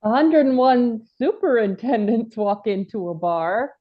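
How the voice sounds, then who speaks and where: A woman telling improvised jokes quickly on a video call, slipping into giggles. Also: fairly high pitch, lively intonation. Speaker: improv player. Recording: dull lo-fi call audio.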